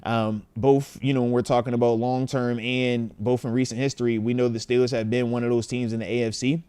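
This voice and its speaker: A man in his thirties hosting a casual livestream from home, animated as he reads out fan messages. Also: medium pitch, fairly quick, smooth, no room sound. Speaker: host.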